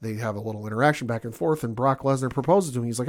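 A man's voice: mid-range voice, very fast, hardly any pauses. A man hosting a casual podcast, recapping news in an enthusiastic, rambling way with many fillers. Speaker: podcast host. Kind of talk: casual sports and gaming chat.

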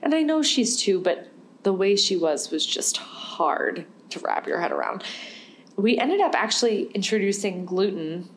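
A woman's voice: mid-range voice, sing-song, a little slow, slight background noise. A young woman hosting a podcast, telling a personal story in a candid, rambling way and laughing now and then. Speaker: podcast host.

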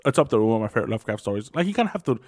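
A man's voice: on the low side, big pitch swings, very fast, a little mellow, dry recording, clean studio sound. Rambling, profane podcast host, man. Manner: rambling, profane, many restarts. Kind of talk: casual chat.

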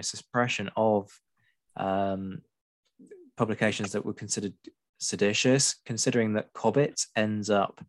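A man hosts an interview and asks long, probing questions, stopping and restarting as he goes. His voice sits fairly low. The sound is dry and close. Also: no echo. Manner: probing, halting questions with fillers. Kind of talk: conversational interview.

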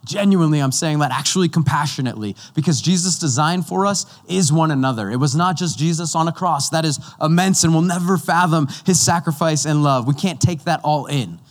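A man preaching a sermon as pastor, talking conversationally and slowing down to stress key points. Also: fairly high pitch. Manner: conversational, with slow, emphatic stretches.

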